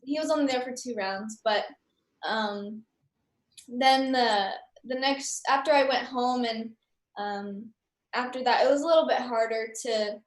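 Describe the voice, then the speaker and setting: Young woman, interview guest, high voice, chatty storyteller, echoey room. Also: a little slow. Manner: chatty, animated, with many fillers.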